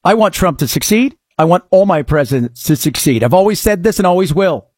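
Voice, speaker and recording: Sarcastic, animated male talk-radio host. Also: high-pitched, a little fast, husky, dry recording, studio quality. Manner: sarcastic, animated, swings between mutters and outbursts. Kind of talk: opinionated talk radio monologue.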